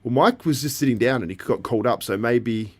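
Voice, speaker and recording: Brisk and mid-range in pitch, this man runs a casual live stream. He's chatty, responds to events on the feed and in chat as they unfold, and laughs frequently.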